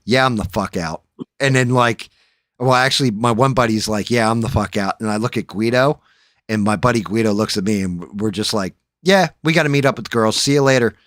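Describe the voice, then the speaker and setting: Profane, animated male storyteller. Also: on the low side, dry recording, clean studio sound. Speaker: livestream host. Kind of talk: casual storytelling chat.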